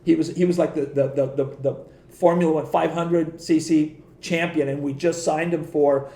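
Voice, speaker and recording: A middle-aged man telling stories on a podcast in a casual, animated way, laughing often and acting out the voices of the people he quotes. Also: on the high side, moderate pace, echoey room. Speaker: podcast guest. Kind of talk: casual storytelling.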